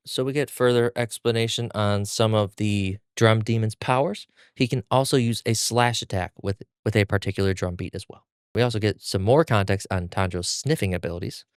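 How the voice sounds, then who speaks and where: Chatty male podcast host, low dry voice. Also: clean tone, no echo. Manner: chatty, giggly, with verbal restarts. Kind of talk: casual recap of a manga chapter. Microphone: podcast mic on a stand.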